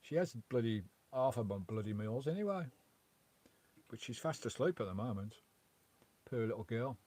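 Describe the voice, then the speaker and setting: A man's voice: mid-range voice, animated, normal speed, dark tone. A man chatting casually on a live stream from his campervan, reading out chat messages in a rambling way with mild swearing. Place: parked in a campervan.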